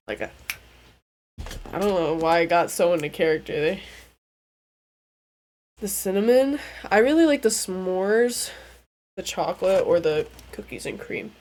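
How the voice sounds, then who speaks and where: A young woman streaming a game, chatting casually in a crude, joking and excitable way. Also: fairly low pitch, takes it slowly, pauses often. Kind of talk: casual gameplay stream chat.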